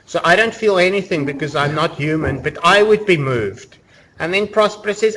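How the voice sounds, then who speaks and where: A man lectures to a class in a relaxed, talky way, circling back with "you know" and "kind of". His voice sits a little high for a man. A faint room noise runs under the recording. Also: a little fast. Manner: conversational, explaining with many fillers. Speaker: university lecturer.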